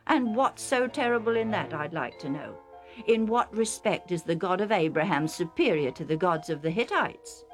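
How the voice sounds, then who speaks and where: A proud older chieftain full of scorn and indignation, sounding a touch higher than the narrator's own voice, as a woman reading a story puts him on. He declaims his grievances in a storybook telling, with faint music behind. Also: natural voice. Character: furious older male foreign chieftain, proud.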